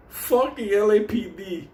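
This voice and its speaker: A man's voice: high voice, a little mellow, roomy sound. A man telling a wild story in a casual, profane way, often laughing as he talks. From New York.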